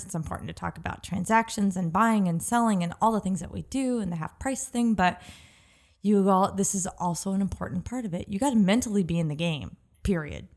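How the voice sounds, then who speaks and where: Chatty woman co-hosting a podcast. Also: mid-range voice. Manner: animated storyteller, acts out quotes. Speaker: podcast co-host. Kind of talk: casual chat.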